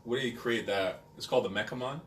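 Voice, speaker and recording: A man in a casual podcast chat giving rapid, animated opinions. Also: medium pitch, heavy background noise. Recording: roomy room, distant mic, faint ambience.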